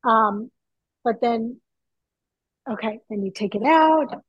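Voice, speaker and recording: A middle-aged woman chatting excitedly from her home kitchen over a video call, through earbuds. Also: on the high side, takes it slowly, slightly rough, dry recording, muffled recording. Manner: chatty, excitable, laughs easily. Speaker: guest.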